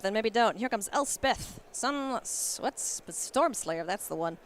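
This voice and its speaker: Lively, playful woman commentating a card game. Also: unhurried. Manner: playful, laughs often, animated swings in pitch. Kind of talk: live tournament commentary. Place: convention hall.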